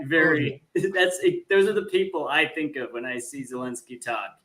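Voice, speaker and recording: A man's voice: medium pitch, normal speed, hardly any pauses, fairly bright tone. A man speaking as a guest on a panel podcast, chatty and anecdotal, often restarting his sentences. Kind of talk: casual panel discussion.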